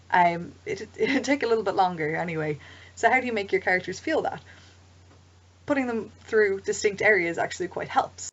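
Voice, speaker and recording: A woman talks through tips for running tabletop games in a loose, chatty vlog style. Her voice sits low for a woman, and she drifts into asides with frequent ums. The recording is dull and lo-fi. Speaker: game master advice vlogger. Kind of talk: casual explanatory vlog.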